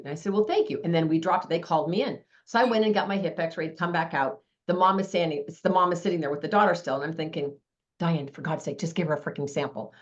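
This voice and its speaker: Woman host, fast and chatty storyteller, lower voice, slightly dull lo-fi sound. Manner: chatty storyteller acting out dialogue. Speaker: meeting host. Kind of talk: casual group sharing.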